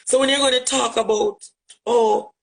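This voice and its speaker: A social media commentator with a Jamaican accent gives an impassioned direct address, hammering points through rhetorical repetition. He speaks at a moderate pace in a very high-pitched, steady voice, and the recording is rough.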